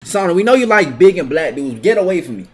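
A young man giving live gameplay commentary, trash-talking his opponents with heavy profanity and sudden bursts of yelling. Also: high voice, big pitch swings, fast, husky. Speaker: gaming video creator.

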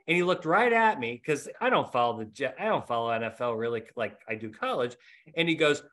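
A man's voice: medium pitch, very animated, fast, a bit bright. A middle-aged man hosting a podcast, telling stories in casual, self-mocking chat. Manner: rambling storyteller, self-mocking. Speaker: podcast host.

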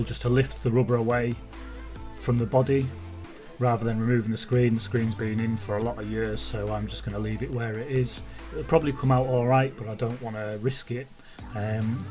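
A man's voice: medium pitch, darkish tone. A man casually narrating his car restoration work in a garage workshop, plain-spoken and chatty with some swearing.

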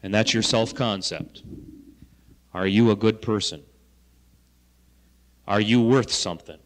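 A man giving an anecdotal lecture to students as a health education coordinator, asking rhetorical questions and telling folksy stories. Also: mid-range voice. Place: lecture hall. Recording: reverberant hall, 1970 archive recording.

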